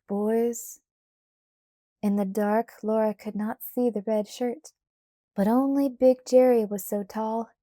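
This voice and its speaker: A woman reads a children's storybook aloud in a measured, gentle way. Her pace is slow and her tone is mellow. The recording is dry and close. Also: mid-range voice, dry recording. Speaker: audiobook narrator.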